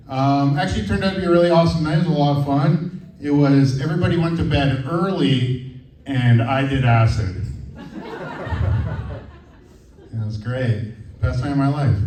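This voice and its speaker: A man's voice: medium pitch, mellow. A man in his thirties doing a stand-up comedy set, rambling and hesitant with lots of fillers. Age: 30s. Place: comedy venue with live audience. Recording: roomy, from far off.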